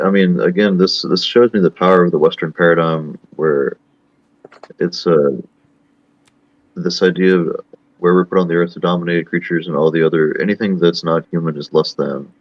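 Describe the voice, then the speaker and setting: A man's voice: low voice, dry recording, muffled recording. A man in his thirties hosting a casual online chat, thinking aloud in a rambling, thoughtful way. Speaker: host.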